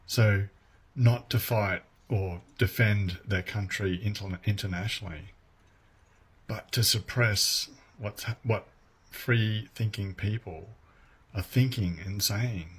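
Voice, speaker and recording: A man giving earnest, measured commentary to camera. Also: on the low side, husky.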